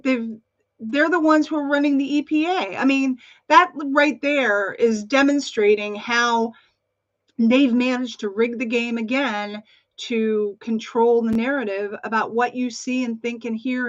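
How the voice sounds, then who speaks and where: A woman's voice: fairly high pitch, fairly even intonation, unhurried, no room sound. A woman giving a passionate, rambling monologue to her channel's viewers, restarting often and filling gaps with fillers. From United States. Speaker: channel host. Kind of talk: opinionated monologue to camera. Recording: dull lo-fi recording.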